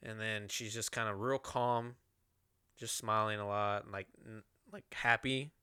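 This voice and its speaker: A man's voice: fairly low pitch, steady tone, unhurried, sharp tone, smooth, dry recording, studio quality. A man telling a personal story in a rambling, casual way, with lots of swearing and fillers.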